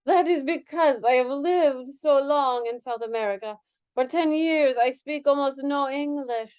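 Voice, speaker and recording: A woman's voice: sits high, measured pace, a little mellow, muffled recording, voice pushed up. A woman reading aloud, voicing a boastful, theatrical woman dancer in a put-on mock Spanish accent and broken English. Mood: haughty. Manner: grand, haughty, broken English.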